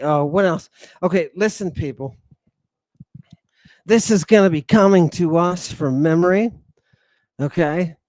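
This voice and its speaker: A middle-aged man lectures his online audience in a high, unhurried voice. He is theatrical, sighing often, and swings from booming declarations to muttered asides. The sound is close and dry, with no room around it. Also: no echo. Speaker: host.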